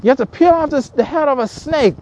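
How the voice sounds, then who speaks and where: A woman's voice: high-pitched, expressive, a little fast, warm tone. A woman vlogger delivering a heated, profane rant to her viewers, repeating herself, stumbling over restarts and swearing constantly. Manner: angry, repetitive, stammering restarts, swears constantly.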